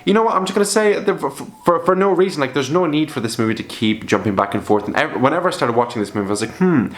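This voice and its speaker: A young man who reviews films on video chats casually to camera about old horror films, rambling and swearing freely. He talks fast, with a voice on the high side.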